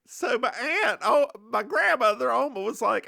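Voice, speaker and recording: A podcast co-host telling stories in casual chat, animated and laughing often. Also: medium pitch, moderate pace, gravelly, few pauses, no echo, studio quality.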